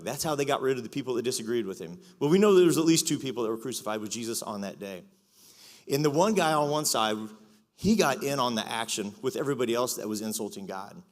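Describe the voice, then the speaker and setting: Brief: male preacher, middle pitch, conversational and self-mocking, long church-hall reverb. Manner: conversational, confessional, joking asides. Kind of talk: sermon. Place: church auditorium.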